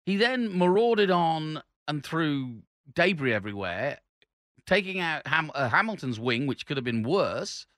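A man co-hosting a casual motorsport podcast who talks in halting stops and starts and explains the rules at length. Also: on the high side, big pitch swings, fairly bright tone, no echo, studio quality. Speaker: podcast co-host.

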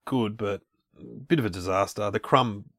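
A man co-hosting a casual taste-test chat, chatty and quick to get excited, often restarting his sentences. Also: lowish voice, creaky, no echo, studio quality. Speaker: co-host.

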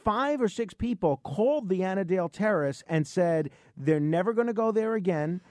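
A man's voice: high-pitched, animated, normal speed, darkish tone, dry recording. A man speaking as a guest on a radio show, earnestly promoting an event. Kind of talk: casual radio chat.

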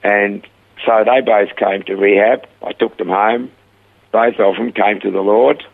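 An older man with a low, gravelly and husky voice tells his stories over a tinny phone line. He brings the people in his stories to life with animated, voiced quotes. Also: measured pace. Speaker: guest, rehab centre founder. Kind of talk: storytelling interview.

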